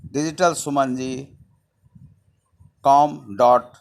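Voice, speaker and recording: A man teaching an online Hindi lesson, speaking in a slow, halting way with many pauses and fillers. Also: medium pitch, steady tone, gravelly.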